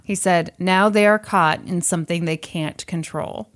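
A woman's voice: fairly low pitch, steady tone, moderate pace. A young woman co-hosting a podcast, telling a story in casual chat, reading out quotes and adding joking asides. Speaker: podcast co-host.

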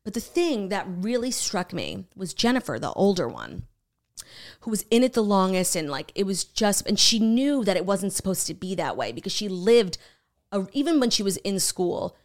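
A woman's voice: mid-range voice, moderate pace. A woman co-hosting a podcast, chatting casually as she retells a true crime documentary, swearing freely and acting out what people said. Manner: animated, swearing, acts out quotes. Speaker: podcast co-host.

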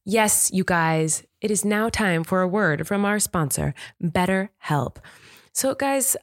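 A woman's voice: mid-range voice, animated, measured pace, dry recording, studio quality. A woman from California, co-hosting a podcast in casual, giggly chat. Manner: chatty, giggly storyteller. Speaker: podcast co-host.

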